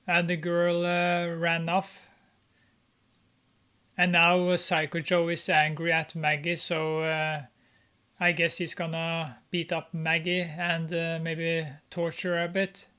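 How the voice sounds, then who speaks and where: A man's voice: on the high side, completely flat delivery, slow pace, sharp tone, clean tone. A man giving casual, mocking commentary on a film, with sarcastic remarks and many "uh" fillers. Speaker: movie reviewer.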